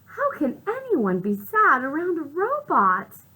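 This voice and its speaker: An eager little girl pig from a storybook, as a woman reads her aloud. The voice is high and bright, bouncing all over in pitch, with slow, drawn-out words. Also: huge pitch swings, exaggerated voice, low-quality recording. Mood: pleading.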